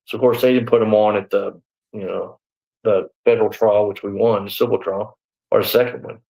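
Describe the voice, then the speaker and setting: A man's voice: fairly low pitch, steady tone, a little fast, creaky, a little mellow, rough recording. A man in his sixties, a former deputy, telling his story in a live interview. He rambles a little, leans on "you know" and "man", and acts out the back-and-forth of the people he quotes.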